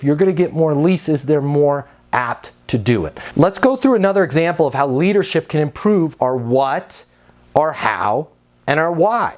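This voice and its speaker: Animated middle-aged male trainer. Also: fairly high pitch. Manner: animated, acts out scenarios with shifting voices. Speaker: property management trainer. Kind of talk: training presentation.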